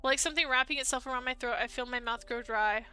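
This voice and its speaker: A woman narrating as a heartbroken young man in a dating game, soft and subdued. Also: sits high, fast talker, smooth, soft background music.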